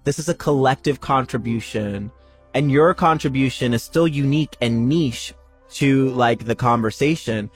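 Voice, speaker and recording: A man's voice: medium pitch, normal speed, faint music behind. A man hosting a spiritual podcast, talking casually and emphatically, repeating phrases and swearing freely. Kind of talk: casual spiritual pep talk.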